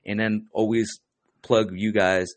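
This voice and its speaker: A man hosting a podcast in casual chat, laid-back, calling people "dude" and filling pauses with "um". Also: on the low side, level tone, no echo. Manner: laid-back, says "dude" a lot, many fillers. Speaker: podcast host.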